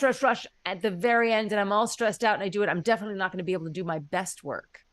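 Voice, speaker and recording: A woman's voice: fairly low pitch, no echo. A woman streamer giving casual advice in an earnest, rambling way, acting out her own thoughts as she goes.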